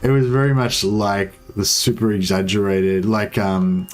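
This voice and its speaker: A man's voice: fairly low pitch, fairly even intonation, unhurried, soft background music. An Australian man in casual gaming chat, rambling and swearing casually while he plays co-op. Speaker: co-op game streamer.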